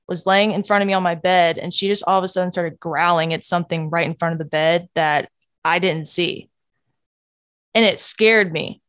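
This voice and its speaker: A woman hosting a podcast, telling a personal faith story in an earnest, candid way that often drops to a hush. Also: on the low side, dry recording, clean studio sound. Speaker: podcast host.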